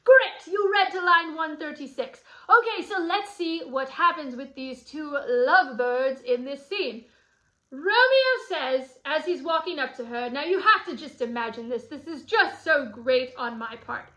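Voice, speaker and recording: A woman's voice: high-pitched, lively intonation, a little slow, pushed and bright, poor audio. A woman teaching a guided study lesson, explaining a play in a playful, chatty way with asides to her students.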